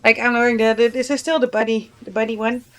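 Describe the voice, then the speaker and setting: A woman's voice: fairly high pitch, level tone, fast talker. A sleepy woman streamer chatting casually with her live chat, giggling often and cooing to her pet. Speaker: Twitch streamer.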